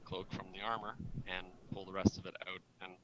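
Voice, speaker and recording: A man's voice: deep voice, flat delivery, fairly quick, a crowd in the background, rough recording. A man playing a character in a tabletop game over a video call, with dry, wry asides. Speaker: player.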